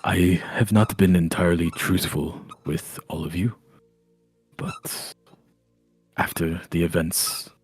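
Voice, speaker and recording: A man voicing Erwin, a secretive, hesitant male companion who speaks formally in hushed, halting phrases. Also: low voice, husky, no echo, soft background music, exaggerated voice.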